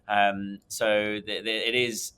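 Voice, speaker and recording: A man's voice: lowish voice, flat delivery, slow pace, sharp tone, smooth. A man, a podcast guest, telling a long personal story in a rambling way, with many ums and restarts. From England. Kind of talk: conversational storytelling.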